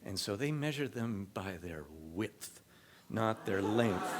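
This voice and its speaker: A man telling a true story live on a comedy club stage, talking in a conversational, animated way and acting out what people said. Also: lowish voice, slow, a crowd in the background, background noise.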